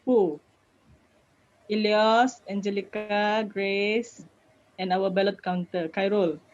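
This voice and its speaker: A woman with a Malaysian accent, a public speaking coach answering questions in an online session, lively and laughing easily. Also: medium pitch, slow pace, a little hiss or hum. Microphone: video call. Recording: lo-fi video call audio.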